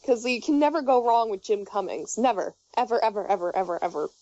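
A woman's voice: mid-range voice, expressive, a little fast, mellow, dry recording. A young woman chatting casually, telling rambling, giggly stories full of fillers and restarts. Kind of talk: casual chat. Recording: dull muffled audio.

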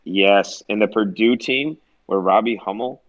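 A young adult man, a basketball coach, telling animated stories in a casual interview and acting out quoted dialogue. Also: fairly low pitch, measured pace, no echo, muffled recording. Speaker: junior college head coach, guest.

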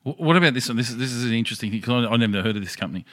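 A man's voice: medium pitch, expressive, very fast. Laid-back, sweary Australian man. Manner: laid-back, swears and reads out news items. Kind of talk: casual chat.

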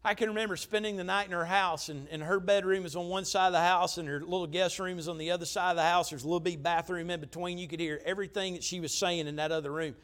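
A pastor tells stories from the pulpit. He has a high voice for a man and preaches emphatically, dropping to a hush and then rising again. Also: steady tone, quick pace, few pauses. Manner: emphatic, conversational preaching with swings in volume. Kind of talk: storytelling sermon.

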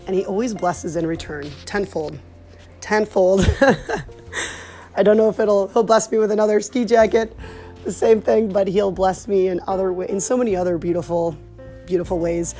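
A woman, a mother, earnestly telling personal faith stories in a casual, animated way. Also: medium pitch, normal speed, faint music behind. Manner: earnest, animated retelling with laughs.

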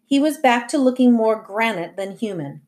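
A woman reading a novel aloud as audiobook narration, telling it in a lively, wry way. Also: on the high side, normal speed. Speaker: audiobook reader.

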